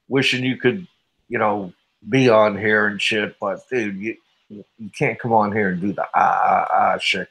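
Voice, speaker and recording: A man's voice: mid-range voice, fairly bright tone. A man hosting a casual online radio show, trash-talking with mock-serious swagger and frequent laughter. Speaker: podcast host. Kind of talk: casual chat, trash talk.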